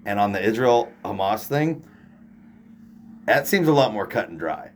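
A man's voice: on the low side, sing-song, a little slow, slight background noise. A man co-hosting a podcast, talking in loose, crude, joking banter. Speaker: podcast co-host.

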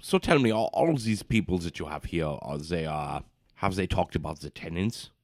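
A low-voiced man gives sweeping, lecturing speeches in character at a tabletop game. His pitch swings widely as he preaches. The sound is dry and close. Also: animated, moderate pace, darkish tone, no room sound. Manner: grandiose, lecturing revolutionary speeches. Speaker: player. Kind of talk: in-character tabletop role-play.

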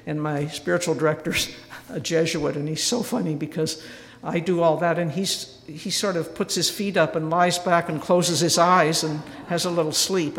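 A woman speaking as a retreat leader, sharing a personal story gently and earnestly, with self-deprecating humor. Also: deep voice, gravelly. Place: church. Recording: long church reverb.

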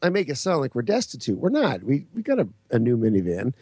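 A man's voice: medium pitch, wildly swooping pitch, fast talker, darkish tone, husky, no echo, studio quality. A man in his forties, a podcast co-host, rambling through comic anecdotes with laughs between lines. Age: 40s. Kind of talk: casual comedic storytelling.

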